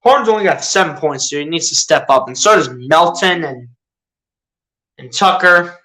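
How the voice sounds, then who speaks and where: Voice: medium pitch, lively intonation, normal speed, bright, forceful tone, rough recording. A fan doing live play-by-play of a basketball game, exasperated, firing rhetorical questions at the team and often correcting or repeating themselves. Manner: chatty, self-correcting, repeats itself.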